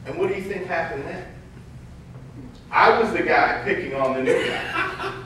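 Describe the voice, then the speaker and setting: A man giving a motivational keynote, telling lively anecdotes and acting out dialogue with laughter. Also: high-pitched, moderate pace, slight background noise. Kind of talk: storytelling keynote talk. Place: large event hall. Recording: echoey hall from far off.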